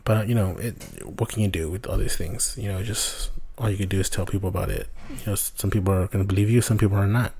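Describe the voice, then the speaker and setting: Guy rambling through a story on his podcast, kinda husky, lots of cussing. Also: fairly low pitch, mellow. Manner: rambling, swears often, restarts a lot. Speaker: podcast host. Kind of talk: casual storytelling.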